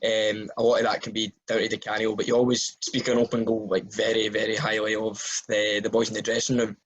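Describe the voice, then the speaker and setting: A Scottish man interviewing a guest, asking relaxed questions and laughing along. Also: lowish voice, a little fast, slightly rough, low-quality recording.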